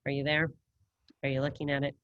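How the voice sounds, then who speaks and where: A woman's voice: extremely low pitch, monotone, brisk, no echo, dull audio. A woman teaching a Spanish class over a video call, casual and upbeat as she quizzes her students. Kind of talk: online class lesson. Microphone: computer mic on a video call.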